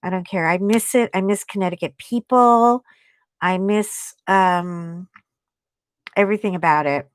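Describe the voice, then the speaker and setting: Slow-talking, chatty woman livestream host. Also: medium pitch, clear, resonant tone, no room sound. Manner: chatty, excitable, answers viewer comments; frequent gasps and "oh my God" exclamations. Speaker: craft live-stream host. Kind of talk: casual live-stream chat.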